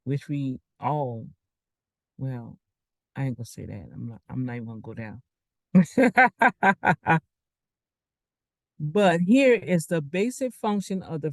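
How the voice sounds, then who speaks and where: A man's voice: a little high, warm tone, dry recording. A man giving a casual, rambling online talk as a financial coach, preaching with asides while sharing his screen.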